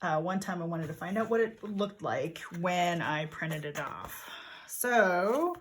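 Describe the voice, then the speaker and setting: Older woman, low-ish voice, rambling craft narration, thinking aloud, crinkling paper clearly audible. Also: animated, slow pace, slight background noise. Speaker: journaling vlogger. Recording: paper crinkling heard in background.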